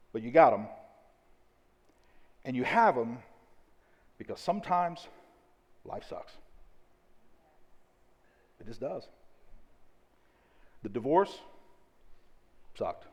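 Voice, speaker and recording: A man preaches from a church stage, his somewhat high voice ringing through a large hall with a long echo. He talks emphatically, hammering repeated phrases and slowing right down on the words that matter. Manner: emphatic, repetitive preaching with deliberate slow stresses. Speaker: pastor. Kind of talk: sermon. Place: church auditorium.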